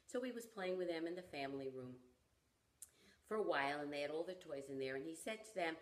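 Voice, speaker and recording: A parenting educator with a low, deep, grounded voice recounts a story conversationally, a little fast, animatedly acting out the people in it. Her voice carries a noticeable roomy echo.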